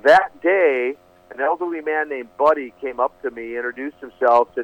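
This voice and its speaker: A man's voice: mid-range voice, normal speed. A man guest telling his story earnestly, often restarting and repeating words, speaking on a phone line. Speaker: guest, preacher. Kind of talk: storytelling testimony.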